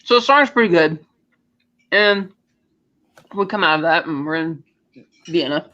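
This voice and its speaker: Higher-voiced man recapping a film. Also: animated, bright, forceful tone. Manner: retells scenes with quick offhand character voices. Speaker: podcast co-host. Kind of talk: casual movie recap chat. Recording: dull lo-fi audio.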